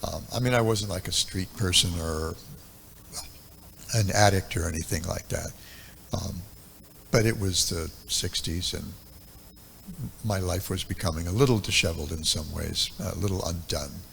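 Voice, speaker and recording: A man's voice: deep voice, normal speed, gravelly, long pauses, fairly bright tone, slight background noise. A man in his seventies giving a devotional talk at a temple, telling stories from memory in a reflective way with many ums and uhs. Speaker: temple speaker. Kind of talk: reminiscing devotional lecture.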